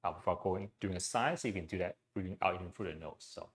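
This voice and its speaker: A man leading a guided breathing exercise class into his own mic, speaking gently, with frequent "okay" and "um". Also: deep voice, fast talker. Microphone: personal mic.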